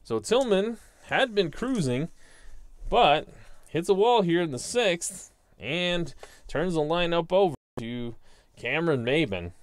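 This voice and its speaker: On his own channel, a man with a fairly high, animated voice calls a tabletop baseball simulation play by play, taking it slowly. He reads out every dice result, then narrates it like a broadcaster with the occasional self-deprecating aside, in studio quality with no echo.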